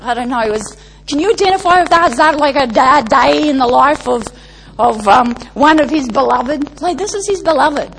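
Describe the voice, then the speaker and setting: A woman's voice: high voice, normal speed, vocal fry, fairly bright tone, slight background noise, poor audio. Fervent woman preaching to a congregation. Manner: emphatic, repetitive lists, rhetorical questions to the congregation. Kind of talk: sermon.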